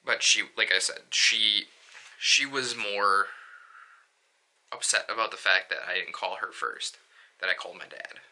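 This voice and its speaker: Bright-voiced young man rambling a story. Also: on the low side, measured pace, long pauses. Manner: rambling, lots of fillers and restarts. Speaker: vlogger. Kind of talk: casual storytelling vlog.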